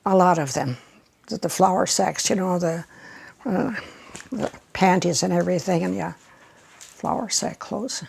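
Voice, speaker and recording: Casting: older woman, husky and gravelly, chatty storyteller in an oral history interview. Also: on the low side, measured pace, long pauses, a little mellow. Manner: chatty and reminiscing, with frequent laughs.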